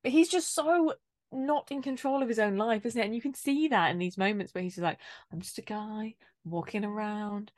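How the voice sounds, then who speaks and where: A woman's voice: a little high, animated, brisk, no echo, studio quality. A woman co-hosting a casual podcast chat, swearing freely and acting out the people she talks about. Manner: swearing, mimics people in quotes, laughs often. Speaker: podcast co-host.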